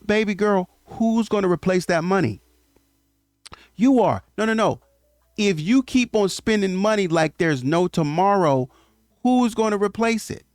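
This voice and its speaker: A man's voice: high voice, dry recording, clean studio sound. A man giving an opinionated commentary monologue on relationships, lecturing emphatically and often stammering through restarts.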